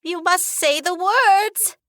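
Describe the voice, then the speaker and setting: A woman voicing a terrified, high-pitched male genie who squeaks in panic. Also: takes it slowly, a bit bright, no echo, studio quality, exaggerated voice. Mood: squeaking.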